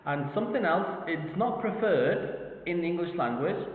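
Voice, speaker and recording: A man giving a slow, repetitive phonetics lecture, checking in with "okay?", speaking English as a non-native speaker. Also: sits high, lively intonation. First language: Arabic. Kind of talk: university lecture. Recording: tinny, echoey hall recording.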